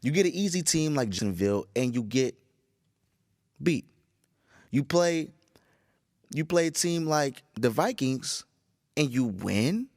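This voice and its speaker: A tired, groggy man hosting a casual solo podcast, rambling with profanity and animated storytelling. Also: medium pitch, measured pace, long pauses, dry recording, clean studio sound. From Chicago area. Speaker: podcast host.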